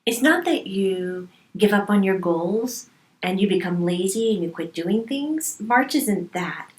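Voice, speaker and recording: A woman delivers a channeled spiritual talk as a medium, leaning on repeated words to drive points home. She speaks at a slow, unhurried pace, her voice set at a middling pitch. The room adds a noticeable echo. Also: expressive. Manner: emphatic, repeats words for stress. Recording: roomy echo.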